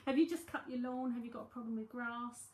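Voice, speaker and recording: A woman with a London accent talks her way through a psychic reading, rambling and thinking aloud as she goes. Her voice sits a little high, and the room around her rings with a noticeable echo. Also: level tone, fast talker. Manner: chatty, rambling, thinking aloud with many fillers. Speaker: psychic medium. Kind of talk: live-streamed reading, casual chat.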